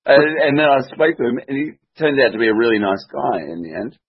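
A man's voice: medium pitch, expressive, fast talker, breathy edge. A man with an Australian accent rambling through stories in a casual group voice call, laughing as he goes. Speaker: call participant. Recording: dull lo-fi call audio.

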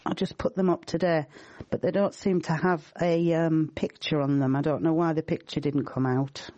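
A woman's voice: sits low, fairly even intonation, moderate pace, warm tone, no echo. A woman calling in from her rural home as a guest, chatting hesitantly over an online call.

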